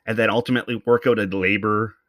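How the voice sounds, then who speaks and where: A man from Canada delivers a solo comedic rant, talking in a fairly low voice. He swears freely and thinks aloud, circling his point before landing it. The sound is dry and close, with no room echo. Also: fairly even intonation, fast, fairly bright tone. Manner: profane, rambling, thinking aloud. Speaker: commentator.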